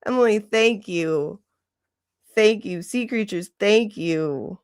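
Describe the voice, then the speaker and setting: A woman hosting a casual livestream, gushing and excitable, gasping and laughing often. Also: medium pitch, takes it slowly, dry recording, studio quality. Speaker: livestream host.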